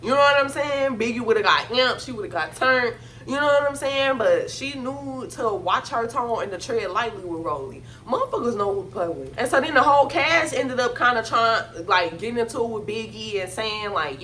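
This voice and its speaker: A woman with a slightly high voice gives a casual recap of a reality show. She talks bluntly and gossips freely in heavy slang, swearing often. Faint noise hums behind her. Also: expressive, moderate pace, a bit bright.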